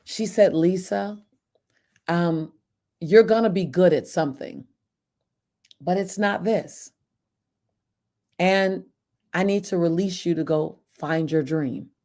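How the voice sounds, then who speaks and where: A woman's voice: on the low side, slow pace, long pauses. A middle-aged woman, a motivational speaker, telling a personal story and addressing listeners by name. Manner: animated, talks to listeners by name. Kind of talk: storytelling to a live audience.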